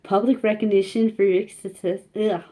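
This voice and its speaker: Gentle, mellow-voiced woman reading cards. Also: medium pitch, steady tone. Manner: gentle, halting, with many fillers. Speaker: spiritual card reader. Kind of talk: casual spiritual card reading.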